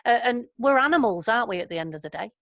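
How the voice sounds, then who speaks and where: A woman's voice: a little high, expressive, fast talker, a bit bright, no echo. A woman leading an online training session over a video call, chatty and affirming. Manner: chatty, affirming, laughs often. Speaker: workshop facilitator.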